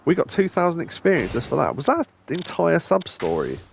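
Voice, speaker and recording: A man's voice: on the high side, wildly swooping pitch, brisk, gravelly, slight background noise. A man chatting casually while playing a game, musing aloud and laughing often. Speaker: let's play streamer. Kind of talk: casual gameplay commentary.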